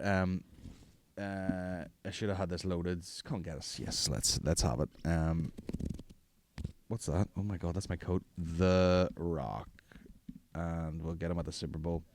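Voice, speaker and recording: A man's voice: low voice, no echo. A man, hosting a podcast in rambling, profane, jokey casual chat. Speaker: podcast host.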